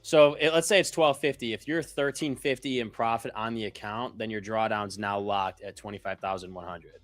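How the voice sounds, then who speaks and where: A man's voice: fairly low pitch, steady tone, fairly quick, no echo, soft background music. A young man co-hosting a live trading stream, joking and swearing in loose trader slang. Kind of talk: casual live trading chat.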